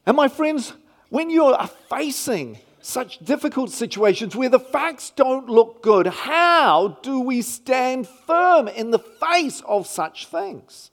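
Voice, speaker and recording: High-voiced, lively male preacher. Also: takes it slowly, vocal fry. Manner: emphatic, rhetorical questions to the congregation. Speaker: pastor. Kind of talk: sermon.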